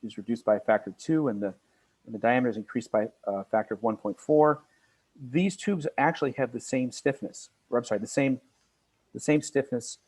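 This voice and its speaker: A man's voice: mid-range voice, fairly quick, darkish tone, slightly rough. An older man giving an engineering lecture, often restarting and correcting himself while pointing at diagrams. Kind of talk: classroom lecture on materials.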